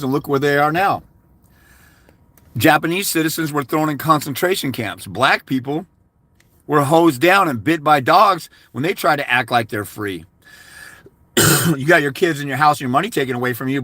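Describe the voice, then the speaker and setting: A man with a fairly high voice delivers a combative, insult-laden rant to camera. The sound is close and dry, with no room around it. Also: a bit bright, no room sound. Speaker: YouTuber giving fathers' rights advice. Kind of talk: angry vlog rant.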